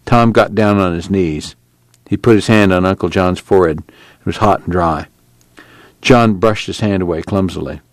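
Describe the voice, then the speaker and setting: A man reading a novel aloud as an audiobook narrator, slow and measured. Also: low voice, no room sound. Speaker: audiobook reader. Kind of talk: scripted narration with character voices.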